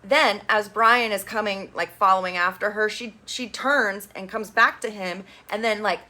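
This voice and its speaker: Bright-voiced chatty woman recapping. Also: medium pitch, moderate pace. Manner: chatty, opinionated, casual swearing. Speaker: reality TV recap host. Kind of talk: casual reality show recap.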